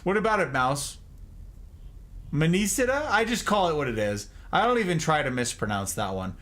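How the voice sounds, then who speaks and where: A man's voice: a little high, very animated, moderate pace, a bit bright. A man streaming a game at his desk, joking with chat, teasing over mispronunciations and laughing often. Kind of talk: casual livestream chat with viewers.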